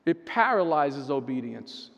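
A man's voice: mid-range voice, sing-song, measured pace, creaky, lo-fi sound. A man, a pastor and therapist, preaching a sermon in a conversational way, often checking in with the listeners. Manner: conversational preaching, keeps asking "right?". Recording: long reverb of a large hall.

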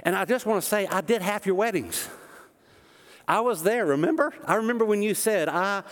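Impassioned pastor in an echoing hall. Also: male voice, high voice, expressive, moderate pace, fairly bright tone. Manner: impassioned, emphatic preaching with repeated phrases. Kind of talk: sermon. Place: church sanctuary. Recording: long hall reverb.

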